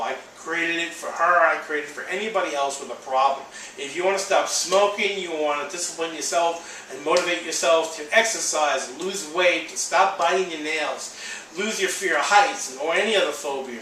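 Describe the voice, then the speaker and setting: A man's voice: on the high side, normal speed, bright, forceful tone, a little hiss or hum. A man, candid and emotional in a rambling personal video diary. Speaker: vlogger. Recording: echoey room, voice from a distance.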